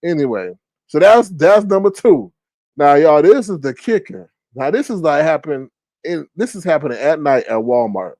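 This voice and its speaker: Lively-voiced man telling wild stories to a live chat. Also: moderate pace, no echo. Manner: animated, swings into loud high exclamations when retelling reactions; profane, streetwise, comic. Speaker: livestream host. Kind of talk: casual storytelling to a live chat.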